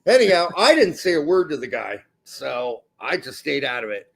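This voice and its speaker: A man hosting a podcast, telling a story in a casual, animated and profane way. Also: moderate pace, gravelly, slightly rough. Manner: animated, profane, jumps into high voices. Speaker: podcast host.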